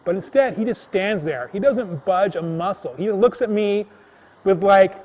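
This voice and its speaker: Guy doing live comic storytelling, high voice, gets shouty and animated, long hall echo. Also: a little slow. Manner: animated, comic, shouting when acting out his anger.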